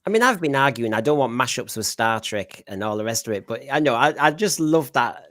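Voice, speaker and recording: A man's voice: medium pitch, expressive, brisk, fairly bright tone, dry recording, studio quality. Middlesbrough man hosting a chat stream. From Northeast England. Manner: rambling, reads out viewer comments with fillers. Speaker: podcast host. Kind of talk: casual livestream panel chat.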